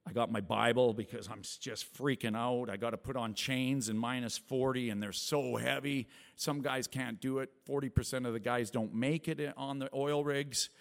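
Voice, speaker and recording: A gravelly-voiced man in his forties shares a testimony with his church, talking in an earnest, rambling way, restarting sentences as he goes. His voice rings through the hall with a long, lingering reverb, and his pitch sits in a middle range. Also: fairly even intonation, normal speed. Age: 40s. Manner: rambling, earnest, with many restarts and acted quotes that rise high. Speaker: lay preacher sharing testimony. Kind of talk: testimony sermon to a congregation. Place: small church.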